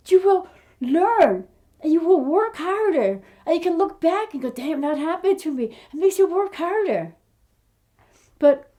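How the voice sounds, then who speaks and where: A woman's voice: on the high side, darkish tone. A woman in her fifties, an aspiring actor talking in a casual personal vlog, earnest and rambling with heartfelt asides. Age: 50s.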